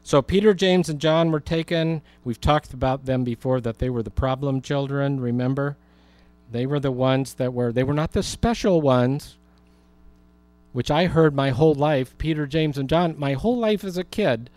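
A male pastor teaches through a Bible passage in an easy, chatty manner, slipping in wry jokes. His voice sits at an ordinary middle pitch. The sound is dry and close, with no room echo. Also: moderate pace, a little mellow. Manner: conversational, humorous asides, laughs.

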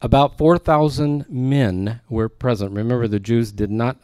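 A man's voice: medium pitch, moderate pace, darkish tone, clear, resonant tone, dry recording. A man preaching a verse-by-verse sermon in a conversational way, with joking asides to his congregation. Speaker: pastor. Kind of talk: expository sermon.

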